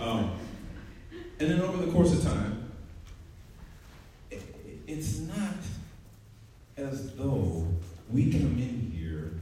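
A man's voice: medium pitch, very animated, very slow, long pauses, a little mellow, slight background noise. A man in his forties preaching a conversational, joking sermon in a church, laughing often. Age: 40s. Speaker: preacher and track coach. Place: church sanctuary. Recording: echoey hall, mic at a distance.

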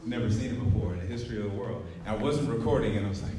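This sermon comes from a track coach and preacher in his 40s, casual and jokey with frequent laughter, recorded by a distant mic in a highly echoey church sanctuary. His lowish voice races with hardly any pauses over crowd noise.

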